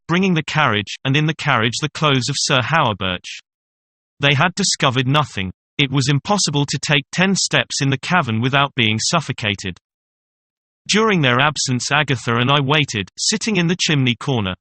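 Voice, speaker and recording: A man narrating an old horror story in a measured, suspenseful telling. His voice is bright and forceful at a middling pitch, recorded close on a dry mic with no room sound. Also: no room sound. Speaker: audiobook narrator.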